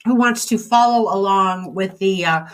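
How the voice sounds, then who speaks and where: A woman's voice: mid-range voice, normal speed. A woman hosting a podcast, chatting casually with a guest and running the sign-off in an upbeat way. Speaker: podcast host. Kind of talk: casual chat. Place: indoor room with a guest and small audience.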